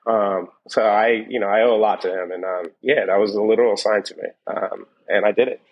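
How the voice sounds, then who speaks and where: A man's voice: lowish voice, fairly even intonation, brisk, slightly rough, muffled recording. A man, a chef, telling his story in an interview, rambling with many fillers and quoted dialogue. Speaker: chef, guest.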